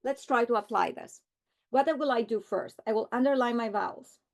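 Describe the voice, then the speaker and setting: Woman, reading teacher, instructional lesson, slightly high voice, deliberate. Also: creaky. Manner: slow, deliberate modeling of words.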